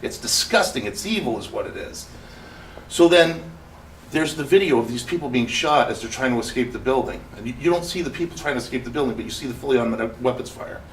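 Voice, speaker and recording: A man's voice: medium pitch, fast. A man who survived the events, giving an impassioned, rambling personal testimony at a memorial gathering. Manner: impassioned, rambling storytelling with restarts. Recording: echoey room, speaker far from mic, faint noise.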